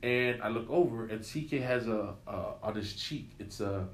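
A man's voice: on the low side, normal speed. A man in his fifties telling stories casually as an interview guest, acting out other people's lines as he goes. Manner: lively storyteller who acts out others' lines. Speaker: radio personality guest. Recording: echoey room.

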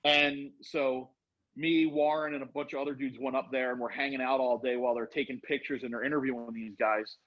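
Middle-aged guy rambling through a story, husky voice, kinda dull lo-fi sound. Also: medium pitch, brisk. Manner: rambling, animated, acts out quotes. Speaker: storyteller guest. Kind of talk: casual storytelling.

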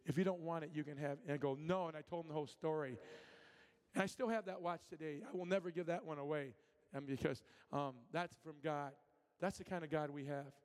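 A man from Michigan preaches in a church, his voice pitched a little high for a man. He tells stories animatedly, acts out every voice and often restarts his sentences. His words ring out with a long hall reverb. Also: steady tone, fairly quick, a little mellow. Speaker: guest preacher. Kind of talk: sermon with storytelling and prophetic ministry. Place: church sanctuary.

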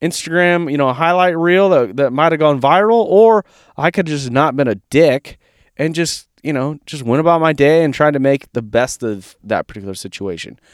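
A Georgia man co-hosting a podcast casually tells a story in a slightly high voice at a moderate pace. The recording is smooth, echo-free and studio quality. He's animated, swears freely and says "dude."

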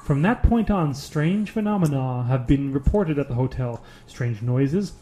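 Sarcastic man reading with a mellow voice. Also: mid-range voice, expressive, a little slow. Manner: sarcastic, bored asides while reading. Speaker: podcast co-host. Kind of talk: casual chat, reading a list aloud.

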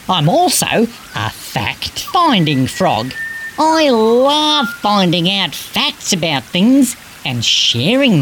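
A woman voicing a cheerful, fact-loving male green tree frog, gently guiding a children's storybook adventure and fond of silly jokes. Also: medium pitch, a little hiss or hum.

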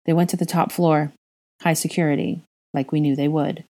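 A woman voicing a grief-stricken young husband who speaks in a flat, halting monotone. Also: sits low, lightly acted. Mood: numb.

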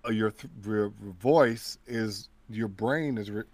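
A man's voice: on the low side, slow, dry recording. A man, a voice actor and guest, chatting casually and telling stories, acting out the voices of people he quotes. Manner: animated storyteller who acts out quoted voices. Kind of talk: casual interview chat.

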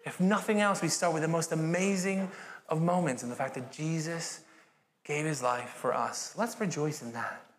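A British man preaching a sermon in a church, with an animated, jokey and encouraging manner. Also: fairly high pitch, normal speed. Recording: echoey church hall.

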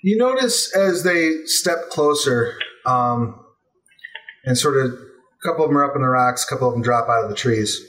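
Man, game master, relaxed, halting narration. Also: medium pitch, low-quality recording.

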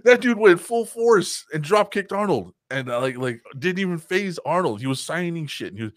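A man's voice: a little high, expressive, moderate pace, few pauses, no room sound. Swearing, laughing man telling stories. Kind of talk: casual comedic chat.

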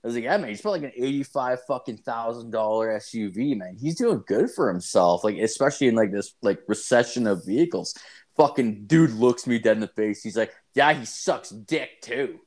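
A man's voice: mid-range voice, brisk. Man, 30s, casual storyteller; loose, cursing, filler-heavy delivery. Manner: profane, rambling, animated storytelling with heavy filler. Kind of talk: casual chat.

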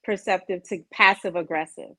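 A woman co-hosting a podcast in casual chat, animated and acting out quoted voices. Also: lowish voice, moderate pace. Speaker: podcast co-host.

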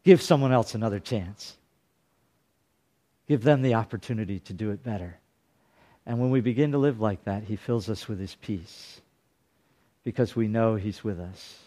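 A man's voice: lowish voice, moderate pace, pauses often, warm tone. A man preaching a sermon as a pastor, earnest and fond of repeating his phrases.

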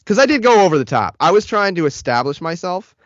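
A man co-hosting a podcast, telling a workplace story in a casual, animated way and swearing freely. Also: sits high, fast talker, no room sound. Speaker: podcast co-host. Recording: dull, lo-fi, dry sound.

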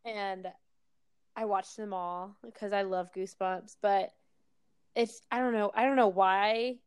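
A woman's voice: mid-range voice, steady tone, a little slow, clean tone, no room sound, clean studio sound. A young woman in casual chat, gushing emphatically with some hesitant ums.

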